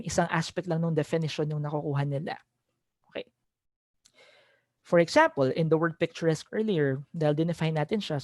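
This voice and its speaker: Filipino-accented teacher trainer, mid pitch, explaining step by step on a video call with a dry sound. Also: darkish tone, no room sound. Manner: explanatory, switches between English and Tagalog, checks in with "okay?". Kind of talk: online teacher-training lecture.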